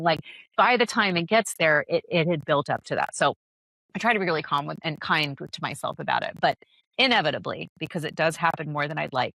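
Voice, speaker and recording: A woman's voice: low-pitched, a little fast, creaky, bright, forceful tone, dry recording. A woman guest on a podcast, talking candidly about parenting as a yoga teacher, laughing often and restarting her sentences. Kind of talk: conversational podcast interview.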